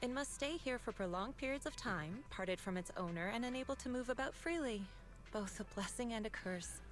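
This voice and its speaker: A woman plays a serene young mystic in a game, composed and formal, every sentence measured and unhurried. Her voice sits a little high, and soft game music hums faintly underneath. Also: lightly acted. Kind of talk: game voice acting.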